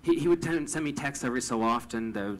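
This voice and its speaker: A young man from Canada telling a personal story, stammering over repeated words and swinging from hushed to loud with emotion. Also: medium pitch, lively intonation, fast talker, slight background noise, rough recording.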